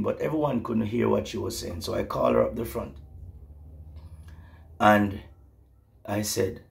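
A man's voice: lowish voice, creaky. A middle-aged man preaching an emotional prophetic sermon, rising to fervent exclamations.

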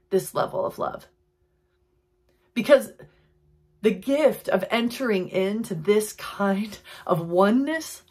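A woman's voice: mid-range voice, slightly rough. A woman giving an earnest, reflective Christian devotional talk, with tender emotion in her voice. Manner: earnest, reflective, reads quotes slowly and softly. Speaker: Christian teacher.

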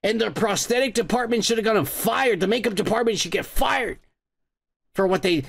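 A man's voice: sits high, moderate pace, creaky, fairly bright tone, breathy edge. A man hosting a podcast, rambling through a profane, casual movie review with lots of restarts. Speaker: podcast host.

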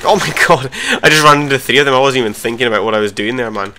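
A young man giving live commentary over his own gameplay, swearing and mocking himself between sudden excited outbursts. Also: medium pitch, rapid-fire, a little hiss or hum. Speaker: gaming commentator.

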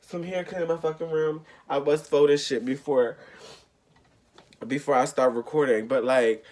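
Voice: mid-range voice, steady tone, moderate pace, darkish tone. A young adult from the United States ranting in a casual vlog, profane, exasperated and rambling. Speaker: vlogger.

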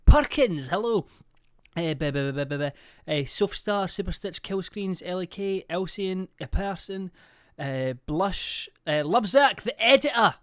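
A young man talks to his live-stream audience in a voice that sits a little high. He jokes, swears loosely and reels off lists of names. The sound is dry and close, with no room around it. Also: lively intonation, a little slow, fairly bright tone, no room sound. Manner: chatty, reads viewer names in bursts; swears casually, jokey. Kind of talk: casual live-stream chat.

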